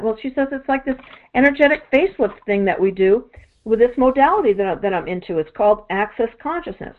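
A woman's voice: on the high side, lively intonation, fairly quick. Woman telling stories over tinny audio. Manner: rambling, many "you know" fillers and restarts. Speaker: energy work practitioner. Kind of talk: casual storytelling monologue.

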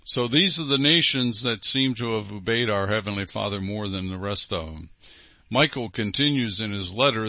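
A man presenting a show reads listener mail aloud and reacts forcefully, hammering key phrases through repetition. His voice is fairly low, pushed and bright, at a normal speed, with no audible room.

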